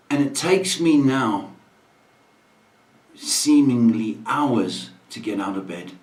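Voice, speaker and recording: A man's voice: mid-range voice, expressive, slow pace, pauses often, distant mic. A middle-aged man hosting a casual livestream chat, grumbling and mock-dramatic in a dry way. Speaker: livestream host. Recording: echoey room, off-mic, faint noise.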